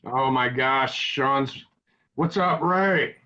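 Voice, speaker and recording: A man's voice: medium pitch, very slow, bright, forceful tone, dull audio. A man hosting a live web show in casual chat, rambling and joking with crude humor. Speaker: show host.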